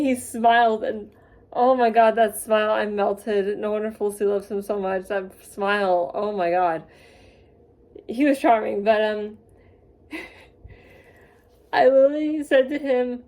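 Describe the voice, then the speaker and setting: Excitable young woman gushing in a vlog. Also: fairly high pitch, a little slow. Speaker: vlogger. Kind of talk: casual storytelling vlog.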